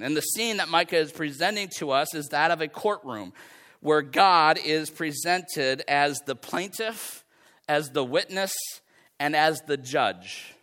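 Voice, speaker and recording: A man's voice: a little high, a little slow, sharp tone. A man preaching a sermon on a prophet's words, talking in a conversational way and slipping into quoted voices to make his point.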